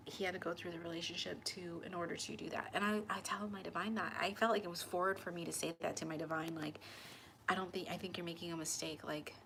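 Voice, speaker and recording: A woman's voice: on the low side, little pitch movement, fast, vocal fry, fairly bright tone, slight background noise. A young woman hosting her tarot channel, casually telling a personal story to camera and acting out both sides of the conversations.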